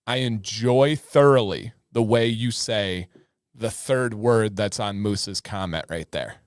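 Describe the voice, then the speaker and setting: A man's voice: on the low side, slow, dry recording, studio quality. A man co-hosting a casual livestream, enthusiastic as he retells stories and brings up viewer comments. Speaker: livestream co-host.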